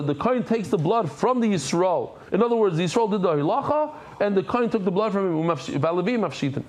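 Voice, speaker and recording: Animated man teaching a daily Talmud class. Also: high voice. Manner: animated, repeats phrases, explains Hebrew and Aramaic terms in English; jokey asides to the class.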